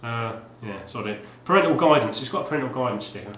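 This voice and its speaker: A man chats casually on video, trailing off and restarting his sentences as he goes. His voice sits at a middling pitch. A roomy echo surrounds him, with a faint hum behind. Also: lively intonation, fast talker, fairly bright tone. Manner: rambling, with many fillers and restarts. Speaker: retro game collector vlogger.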